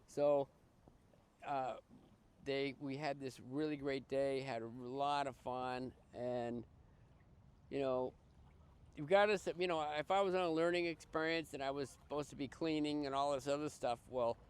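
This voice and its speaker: Older man telling his story haltingly. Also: mid-range voice, clean tone. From Massachusetts. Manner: halting, restarts and repeats words, earnest. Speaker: podcast guest. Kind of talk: personal life story in conversation.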